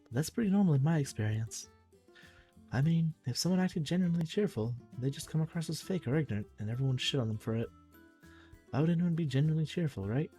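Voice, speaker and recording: A man's voice: a little high, expressive, fast, dark tone, slightly rough, faint music behind. A young man reading a visual novel's narration aloud on a live stream, sometimes tripping over words and restarting.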